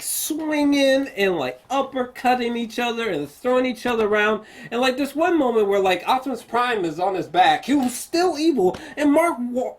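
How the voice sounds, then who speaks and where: A man giving a casual spoken film review, ranting in exasperation, swearing often and stumbling through many fillers. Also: a little high. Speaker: movie reviewer.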